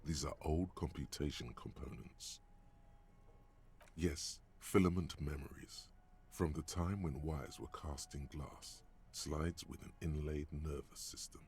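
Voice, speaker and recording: Ominous inner-voice narrator in a game; very low, with faint noise. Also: male voice, measured pace, darkish tone. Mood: solemn.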